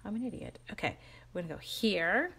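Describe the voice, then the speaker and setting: Her mid-range voice swings widely in pitch, fairly quick, pushed and bright with a breathy edge, as she hosts a crafting livestream. She's chatty, greets viewers by name, and laughs at her own mistakes mid-project.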